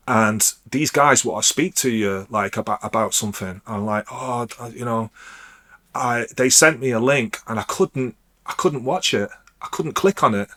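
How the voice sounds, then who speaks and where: A man, a DJ guest telling a personal story in a rambling, halting way, full of restarts. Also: on the low side, steady tone, fairly bright tone. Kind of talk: casual storytelling.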